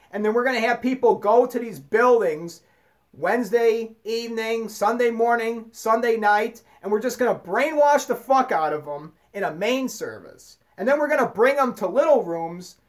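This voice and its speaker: A man in an angry unscripted monologue, swearing constantly and stumbling over repeated words as he rants. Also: sits high. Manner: profane, stammering ranting. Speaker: vlogger.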